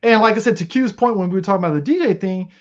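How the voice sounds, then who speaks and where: A man co-hosting a podcast film discussion, talking through his thoughts in a relaxed, conversational way. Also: sits high, rapid-fire. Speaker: podcast co-host. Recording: dull lo-fi podcast audio.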